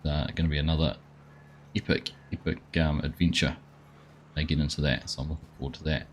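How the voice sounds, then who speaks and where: A man's voice: rumbling low, flat delivery, fairly quick, a little hiss or hum. A man hosting a live gaming stream, chatting casually and greeting viewers by name as he plays. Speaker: gaming livestream host. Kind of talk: casual chat while playing a farming game.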